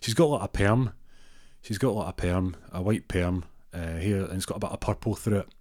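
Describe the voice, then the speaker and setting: A man's voice: low voice, fairly quick, darkish tone, no room sound, studio quality. A man telling a funny story in a rambling way, full of fillers and restarts. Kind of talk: comic storytelling.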